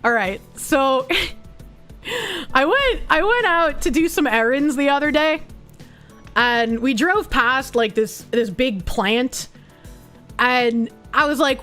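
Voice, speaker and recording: High-voiced woman streamer, laughing often. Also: slow, pauses often, faint music behind. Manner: laughs often, swears freely, animated storytelling. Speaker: livestreamer. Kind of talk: casual chat.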